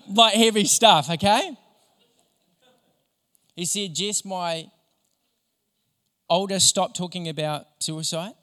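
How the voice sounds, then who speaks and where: A young adult man preaching a sermon, telling stories in an animated, enthusiastic way. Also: sits high. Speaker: pastor. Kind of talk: sermon with storytelling. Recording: long hall reverb.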